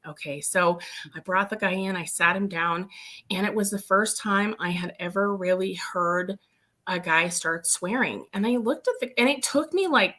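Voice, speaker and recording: Bright lively woman telling stories. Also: medium pitch, normal speed. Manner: lively storyteller who acts out quotes. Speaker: host and medium. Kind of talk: casual chat.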